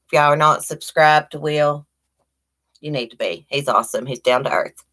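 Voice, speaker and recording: This middle-aged Virginia woman hosts a casual livestream chat, greeting viewers by name and rambling along in a chatty way. Her voice is low and a bit bright, and she speaks at a moderate pace.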